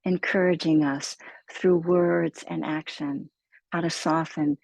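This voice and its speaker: A woman meditation teacher giving a slow, gentle guided mindfulness talk in a soothing manner. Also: lowish voice, vocal fry, slightly rough, dry recording, low-quality recording.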